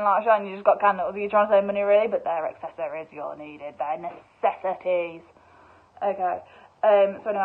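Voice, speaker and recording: Bubbly woman, tinny sound. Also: mid-range voice. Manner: bubbly and excitable, rambling with many fillers. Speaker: vlogger. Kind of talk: casual shopping haul chat.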